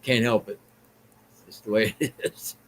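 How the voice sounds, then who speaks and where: A man's voice: lowish voice, steady tone, moderate pace, slight background noise, rough recording. A man with a Southern US accent hosting a vlog, giving blunt, rambling opinion commentary in a plain-spoken way. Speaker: vlog host.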